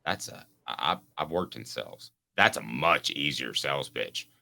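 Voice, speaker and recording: A man's voice: a bass voice, expressive, normal speed, vocal fry, pushed and bright. A man hosting a sports podcast, explaining things casually with hypotheticals. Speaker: podcast host.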